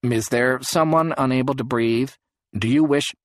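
A man reading an audiobook, voicing a brisk emergency phone operator. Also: mid-range voice, fairly even intonation, no echo, pitched above the performer's own voice, close to an everyday voice.

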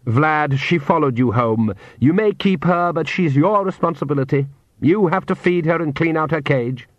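A man voicing a suave, menacing vampire count who mocks his foes in a smooth, drawn-out way, in an audiobook. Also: fairly high pitch, dry recording, pitched above the performer's own voice, close to an everyday voice. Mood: scornful. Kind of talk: audiobook character voice. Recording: dull, dry lo-fi recording.

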